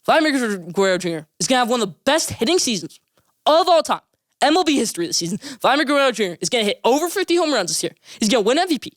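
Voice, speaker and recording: A young man hosting a solo sports podcast, giving rapid, emphatic, opinionated takes and repeating names for emphasis. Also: extremely high pitch, sing-song, fairly bright tone, dry recording, studio quality.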